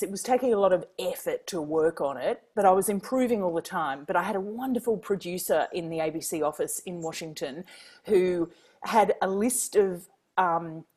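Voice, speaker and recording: Lively woman telling funny anecdotes. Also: lowish voice. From Queensland, Australia. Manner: animated anecdotes, laughing often. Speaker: author and former foreign correspondent. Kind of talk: interview storytelling.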